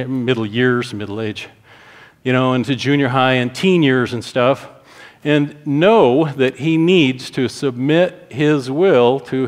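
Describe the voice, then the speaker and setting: A middle-aged man preaching a sermon as pastor, telling a family story and acting out his own stern words to his child. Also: medium pitch.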